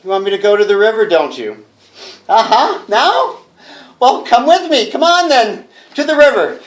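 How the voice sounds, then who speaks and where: A man's voice: sits high, sing-song, normal speed. A man playing a jittery radio announcer. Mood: unhinged. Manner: nervous chatter, laughs to himself, talks to listeners. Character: jittery male radio announcer alone in a haunted house. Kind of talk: live reading of a one-man radio play. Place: bookstore, in front of a live audience.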